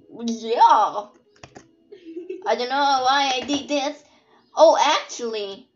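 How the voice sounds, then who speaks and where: A woman from Brazil giving casual, sarcastic gameplay commentary and swearing often. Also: a little high. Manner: playful, sarcastic, swears a lot. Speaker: gameplay streamer. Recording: dull lo-fi audio with faint game music.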